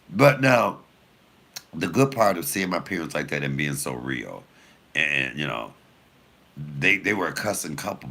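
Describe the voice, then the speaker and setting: A comedian man tells stories to his viewers in a lively, swooping voice that sits low and turns gravelly. His tone has a bright, forceful edge, and he swears freely as he talks. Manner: animated, profane, laughing storyteller; addresses viewers directly. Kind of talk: casual storytelling to viewers.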